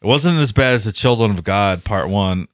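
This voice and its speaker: A man's voice: lowish voice, animated, moderate pace, no echo, clean studio sound. A man co-hosting a podcast in casual chat, jokey and profane. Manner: jokey, laughs at his own stories, profane. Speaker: podcast co-host.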